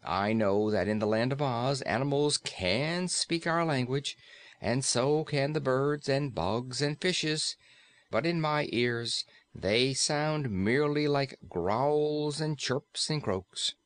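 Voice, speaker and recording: A man's voice: mid-range voice, takes it slowly, dry recording, close to an everyday voice. A man voicing a gloomy, surly large ferryman in an audiobook, speaking in a sullen, mournful way.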